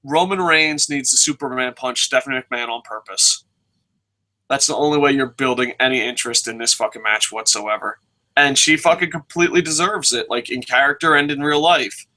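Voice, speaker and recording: A man co-hosting a casual wrestling preview podcast, ranting excitably and swearing often, laughing through his points. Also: mid-range voice, fairly quick.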